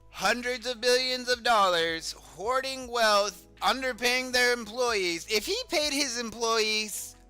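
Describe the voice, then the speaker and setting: A man's voice: high-pitched, sharp tone, smooth. A man streaming reaction commentary on clips, blunt and ranting, swearing heavily.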